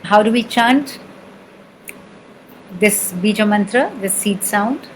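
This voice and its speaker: A woman's voice: mid-range voice, takes it slowly, slight background noise, low-quality recording. A woman with an Indian accent teaching sound healing, patiently repeating syllables and checking that the listener follows. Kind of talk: spoken lesson with chanting demonstrations.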